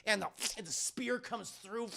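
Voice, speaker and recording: A man streaming a casual, profane scene-by-scene film recap, excitable and often calling out to his chat. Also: high voice, normal speed, gravelly, noisy background.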